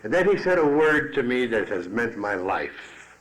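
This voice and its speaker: A man's voice: medium pitch, big pitch swings, normal speed, fairly bright tone, low-quality recording. A man telling his own story at a recovery meeting, blunt and salty-tongued. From Chicago. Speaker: AA speaker. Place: meeting hall at a podium. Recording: archival 1980s meeting tape.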